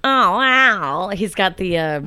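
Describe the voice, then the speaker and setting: A woman musician guesting on a podcast, telling animated stories in casual chat, laughing often and swearing freely. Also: mid-range voice, slow pace, a crowd in the background.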